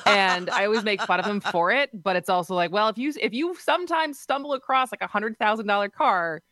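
A woman's voice: mid-range voice, a little fast, fairly bright tone, dry recording. A woman in her thirties co-hosting a radio show, telling stories in a chatty way. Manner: chatty, storytelling with fillers. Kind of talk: casual radio chat. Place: radio studio. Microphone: studio microphone.

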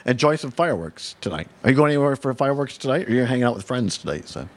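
A man hosting a casual chat show, animated, laughing often and restarting his sentences. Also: medium pitch, very fast. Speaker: show host.

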